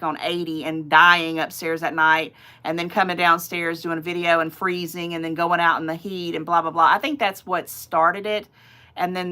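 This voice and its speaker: Middle-aged female host, bright voice, rambling, casual livestream chat. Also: lowish voice. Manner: chatty, rambling, digressive. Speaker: channel host.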